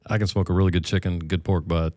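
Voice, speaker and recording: A middle-aged man, a podcast co-host, telling relaxed, folksy stories in casual chat. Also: low-pitched, fast, no echo, clean studio sound. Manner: relaxed storyteller, folksy and self-deprecating.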